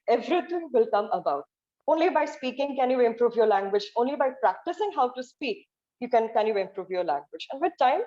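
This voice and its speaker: A woman gives an earnest motivational talk, her voice sitting fairly high. She poses rhetorical questions and leans on "you know" as she goes. The sound is dull and lo-fi, like audio from an online call. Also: darkish tone. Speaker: guest speaker. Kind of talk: motivational speech.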